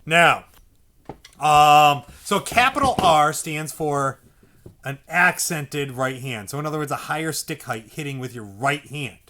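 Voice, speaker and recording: A man's voice: fairly high pitch, measured pace, sharp tone, a little hiss or hum. A man teaching a percussion lesson, patiently explaining a drum pattern and often checking in with "okay?". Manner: patient, repeats "okay?" often, speaks drum syllables aloud. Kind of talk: instructional lesson.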